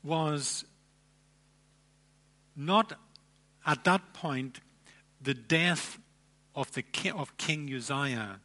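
A man preaching a sermon, emphatic, with dramatic pauses and repeated phrases. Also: a little high, sharp tone. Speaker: pastor.

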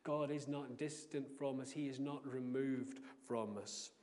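A man delivers a sermon from the front of a church, moving between scripture, prayer and warm family anecdotes in an earnest, story-led manner. His voice sits at an ordinary male pitch and trails off into a long hall reverb. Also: steady tone, unhurried. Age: adult with a young son. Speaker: preacher. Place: church sanctuary.

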